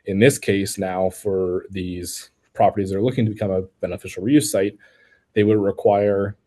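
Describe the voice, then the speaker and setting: A man's voice: low-pitched, fairly even intonation, moderate pace, mellow. A man from the city staff answering residents' questions at an online public meeting, careful and technical, often restarting his sentences with "um".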